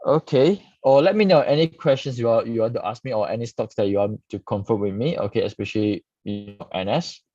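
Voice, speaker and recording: A man's voice: on the low side, a little fast, hardly any pauses, warm tone, no echo. A man reviewing stock charts live, peppering his talk with "okay". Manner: frequent "okay" tags, casual explaining. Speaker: stock market analyst host. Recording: dull lo-fi dry sound.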